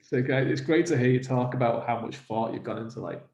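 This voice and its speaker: This podcast host, a man from northern England, chats casually through an interview and keeps saying yeah to affirm his guest. He speaks a little fast at medium pitch with a darkish tone, over roomy, dull-sounding call audio.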